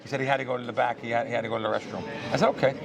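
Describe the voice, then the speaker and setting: Racing along in a gravelly mid-range voice with a crowd behind him, a podcast host and pro sports bettor spins a long, casual story. He's an animated storyteller who performs the voices of its characters.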